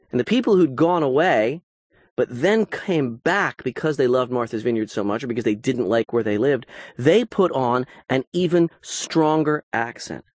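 A man's voice: mid-range voice, no echo, clean studio sound. A man giving a recorded lecture, explaining in a conversational way with occasional asides.

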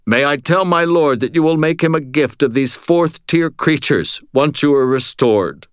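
A man voicing a polite, scheming male servant creature in an audiobook, formal and smoothly courteous. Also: on the high side, normal speed, dry recording, clean studio sound, pitched above the performer's own voice, lightly acted. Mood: courtly. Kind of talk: audiobook character voice.

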